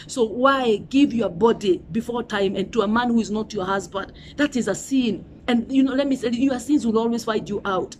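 Kenyan woman preacher, middle-aged, fairly high voice, emphatic, repetitive, faint background hum. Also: moderate pace, hardly any pauses. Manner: emphatic and repetitive, with frequent "you know" and "Hallelujah". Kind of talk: sermon.

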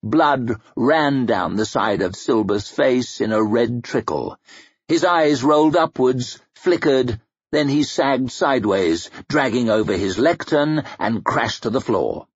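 A man reading an audiobook in a dramatic, expressive, measured way. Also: medium pitch, breathy edge, no room sound, highs cut off. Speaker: audiobook reader.

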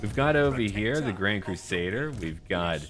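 Over music, a gaming YouTuber gives playful, boastful commentary on a roleplay strategy campaign, trash-talking the enemy. His voice is lowish and animated, at a moderate pace.

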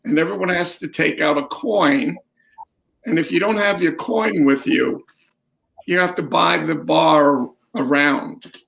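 A man guest on a video call, explaining traditions in a measured way. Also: fairly high pitch, gravelly, a bit bright. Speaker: guest, regiment officer. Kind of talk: storytelling interview. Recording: echoey room, faint noise.

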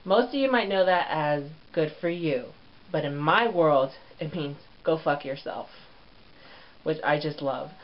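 A man's voice: a little high, a little slow. A man hosting his own comedy vlog show, sassy and crude, with lots of swearing. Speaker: show host. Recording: lo-fi dull recording.

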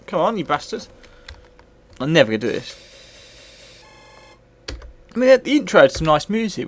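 Tipsy man, gravelly, lively pitch, sweary rambling play-by-play; retro game review commentary. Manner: sweary, rambling, bursts into excited yells. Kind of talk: live gameplay commentary.

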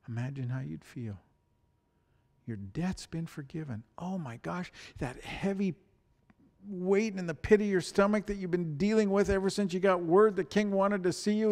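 A man's voice: high-pitched, moderate pace, a little mellow. A man preaching a sermon as pastor, telling a story with restarts and rising emphasis. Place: church. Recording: echoey church hall.

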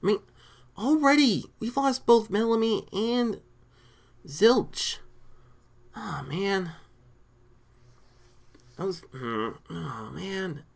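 A man giving casual, excitable commentary while playing a video game, often stammering and reading lines aloud. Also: sits high, very slow, creaky, pauses often. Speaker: let's play gamer.

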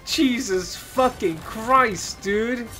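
An anime reaction host giving live commentary, excitable, exclaiming, laughing and swearing often. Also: medium pitch, extremely slow, soft background music.

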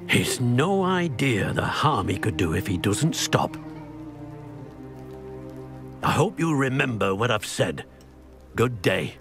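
A weary older uncle in a video game, stern and lecturing. His pitch swings widely as he scolds, with game music playing behind him. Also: big pitch swings, slow pace, pauses often.

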